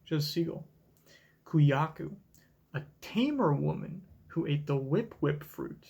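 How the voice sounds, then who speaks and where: Excitable young man reacting live. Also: fairly high pitch, measured pace, gravelly, husky. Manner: excitable, profane, thinking aloud. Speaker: reaction streamer. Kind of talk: live manga reading reaction.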